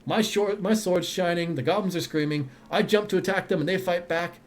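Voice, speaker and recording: A man's voice: sits high, a little fast, soft background music, close to an everyday voice. A man voicing a boastful, cheeky young female paladin telling a camp story.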